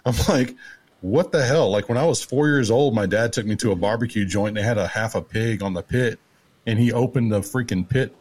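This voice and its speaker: Man, lively storyteller, fairly low voice, laughs a lot. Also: a little fast, a little hiss or hum. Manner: animated, laughing, acts out voices in stories. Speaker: guest. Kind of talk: casual storytelling.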